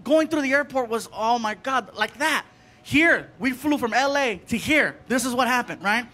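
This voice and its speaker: A man doing an animated stand-up set, telling stories and acting out the people in them. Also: very high voice, moderate pace. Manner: animated, acts out characters in quotes. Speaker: stand-up comedian. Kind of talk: stand-up storytelling. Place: comedy stage before a live audience.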